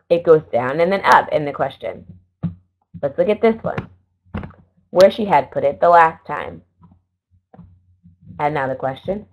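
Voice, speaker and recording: A middle-aged woman teaching an English lesson, explaining slowly and carefully and correcting herself now and then. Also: low voice, expressive. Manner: slow, careful explaining with small self-corrections. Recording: dull lo-fi recording.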